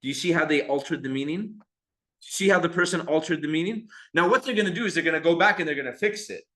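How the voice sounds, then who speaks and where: A man lectures a seminary class and keeps asking whether the students follow. He recites verses quickly between his explanations. The classroom is echoey. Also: on the high side, a bit bright. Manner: checks understanding often, recites verses quickly. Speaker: seminary teacher.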